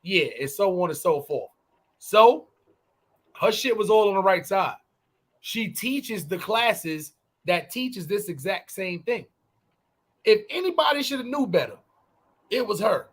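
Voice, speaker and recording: A podcast co-host talking in a high voice, loose and profane. He tells stories in casual chat and sometimes bursts into loud, shouted impressions. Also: expressive, unhurried, long pauses, slightly rough.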